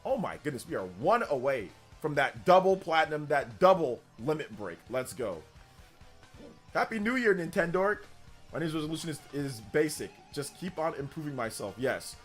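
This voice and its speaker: A man's voice: fairly high pitch, very animated, moderate pace, soft background music. A man hosting a casual live stream, hyped up, reading out and thanking donors as he chats. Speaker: livestream host.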